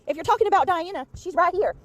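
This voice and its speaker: High-voiced woman, indignant and defensive. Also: fast talker, fairly bright tone. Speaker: livestreamer. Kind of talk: heated livestream reply.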